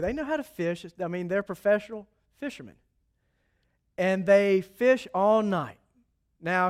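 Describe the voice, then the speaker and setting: High-voiced preacher telling a story. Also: male voice. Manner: animated, chatty, chuckling asides. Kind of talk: conversational storytelling sermon.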